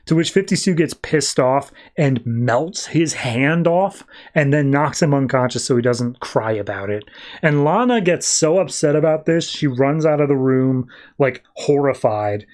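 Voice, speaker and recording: A man's voice: medium pitch, animated, measured pace, a little mellow. A man hosting a podcast, recapping a comic issue in a rambling, casual way. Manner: rambling, slips into quoted voices. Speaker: podcast host.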